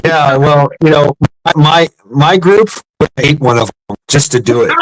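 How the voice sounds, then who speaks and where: A man's voice: a little high, expressive, unhurried, dry recording, low-quality recording. A man telling rambling, profane service stories in a casual chat, with many restarts and fillers. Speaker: podcast host, former Marine.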